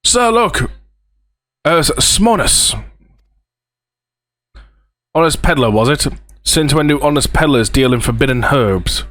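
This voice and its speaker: A man's voice: lively intonation, unhurried, long pauses, a bit bright, no room sound. A man voicing a stern, commanding male guard officer who barks orders in a raised voice, reading game dialogue aloud. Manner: barking orders, raised pitch. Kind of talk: let's play voice reading.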